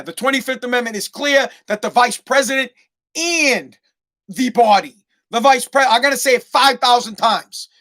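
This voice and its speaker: A man's voice: high voice, bright, forceful tone. A man with an American accent hosting a podcast, delivering an angry, profane political rant and repeating his points. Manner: angry, swearing, repeats himself. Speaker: podcast host.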